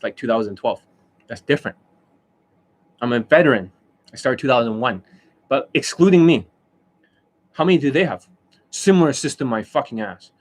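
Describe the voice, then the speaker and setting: A middle-aged man talks at an ordinary pitch in a loose, unscripted live-stream rant. He boasts, swears freely and keeps cracking himself up with laughter mid-sentence. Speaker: dating coach.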